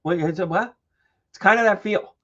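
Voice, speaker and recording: A man hosting a live-stream tarot reading who chats with viewers, playful and joking with quick asides. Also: sits high, a bit bright, dull audio. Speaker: psychic medium and tarot reader.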